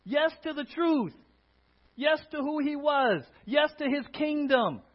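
A male pastor preaching a sermon in a church, playful and animated, swinging between quiet asides and loud bursts. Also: extremely high pitch, slow pace. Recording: dull lo-fi sermon audio.

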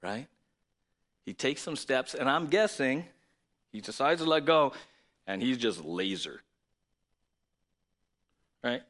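A man preaching a sermon in an animated, conversational way, often asking rhetorical questions. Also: mid-range voice, slow, long pauses. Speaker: pastor.

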